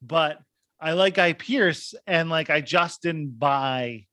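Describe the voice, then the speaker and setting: A man's voice: fairly high pitch, slow pace, pushed and bright, no room sound. A man co-hosting a podcast, chatting casually about films, rambling and searching for words with lots of fillers. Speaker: podcast co-host.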